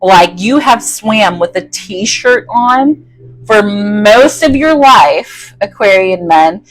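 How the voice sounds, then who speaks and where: A woman's voice: medium pitch, expressive, slow, rough recording. A woman giving a chatty, folksy tarot reading to her viewers, often checking in with "okay?". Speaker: tarot reader.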